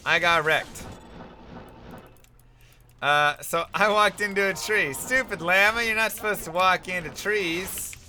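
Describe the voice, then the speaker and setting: A man's voice: high voice, unhurried, pauses often, pushed and bright, slight background noise. A man telling a rambling, self-mocking story in casual chat while streaming a game.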